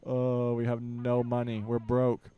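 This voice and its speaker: A young man talks through a strategy match in a relaxed, joking way, repeating orders to his units and complaining when things go wrong. His voice is smooth and clear, sitting at an ordinary middle pitch. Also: unhurried, narrow, tinny audio. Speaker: gaming channel host. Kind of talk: casual gameplay commentary.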